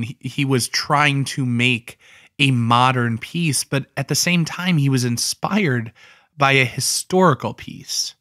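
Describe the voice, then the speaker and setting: A man's voice: mid-range voice, a bit bright, no room sound, clean studio sound. A man hosting an art history talk, explaining a painting in a casual, conversational way with offhand asides.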